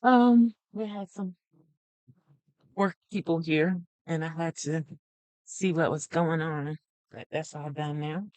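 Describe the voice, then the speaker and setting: Woman doing a planner livestream, slow easy talker, dry close sound, chatty with her viewers. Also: deep voice, fairly even intonation, darkish tone, no room sound. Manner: chatty, greets viewers by name, thinks aloud. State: a little out of breath. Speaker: planner vlogger hosting a live stream. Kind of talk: casual live-stream chat.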